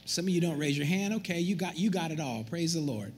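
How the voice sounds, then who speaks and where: A man preaching a sermon as pastor, animated and joking with the congregation in a church. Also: a little high, a little fast, few pauses, husky, soft background music.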